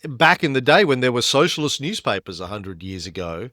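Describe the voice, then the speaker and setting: Guy explaining history on a podcast, kinda halting w/ lots of ums, dry no-room sound. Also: mid-range voice, sing-song, pushed and bright, no room sound. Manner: explanatory, hesitant with fillers. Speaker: podcast co-host.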